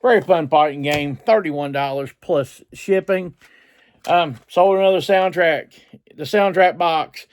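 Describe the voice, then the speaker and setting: A middle-aged man hosting a reselling vlog, talking in an excitable, rambling way and often repeating himself. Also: on the high side, a little slow. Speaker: reseller channel host. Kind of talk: casual vlog talk.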